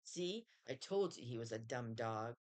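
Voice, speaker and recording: A woman's voice: rumbling low, expressive, a little slow, pitched below the performer's own voice. A woman voicing a smug, teasing schoolboy who scoffs at a dog, in a storybook reading. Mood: scornful.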